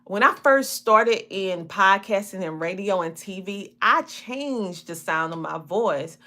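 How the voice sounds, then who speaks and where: A woman in her forties with a broad Southern US twang, chatting casually to a livestream audience. Her voice is bright and forward, and her words stretch and wander the way a country drawl does. She laughs easily between her points. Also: medium pitch, lively intonation, slow. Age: 40s. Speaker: podcast host and coach. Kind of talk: casual livestream talk to viewers.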